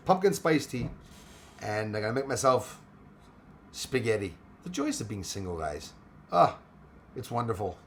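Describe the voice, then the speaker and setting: A hoarse man chats loosely from home as he hosts a livestream. He rambles through viewer comments, often pausing on fillers and starting his sentences over. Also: mid-range voice, fairly bright tone. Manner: rambling, many fillers and restarts. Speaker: livestream host. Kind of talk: casual chat reading viewer comments.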